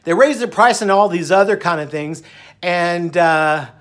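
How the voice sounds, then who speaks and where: A man's voice: high-pitched, a little slow, a bit bright. A middle-aged man talking casually to camera in a rambling, upbeat way, now and then breaking into song. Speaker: vlogger. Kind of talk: casual talk to camera, with bits sung.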